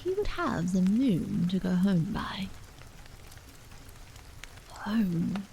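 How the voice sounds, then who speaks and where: A woman reading a horror novel aloud as a bedtime story in a soft, slow whispered role-play, with rain falling behind her. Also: fairly low pitch, big pitch swings, creaky, low-quality recording. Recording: faint rain noise behind.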